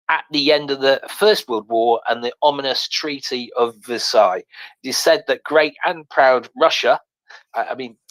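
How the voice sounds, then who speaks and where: Dry-voiced man, halting and wry. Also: medium pitch, a bit bright, no echo, low-quality recording. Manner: halting, many fillers and restarts, wry asides. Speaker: host. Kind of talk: casual live audio chat, reading a tweet and article aloud.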